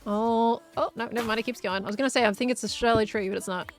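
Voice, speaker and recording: A woman's voice: on the high side, fairly even intonation, fast talker, soft background music. A young woman chatting casually while streaming a game, musing aloud and laughing often. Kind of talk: casual live-stream chat while gaming.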